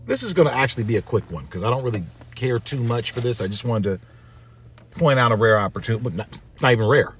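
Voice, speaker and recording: A man's voice: mid-range voice, expressive, fast, slight background noise. A man from the United States hosting his own show, delivering a blunt, slangy opinion rant. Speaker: show host. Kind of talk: opinion commentary monologue.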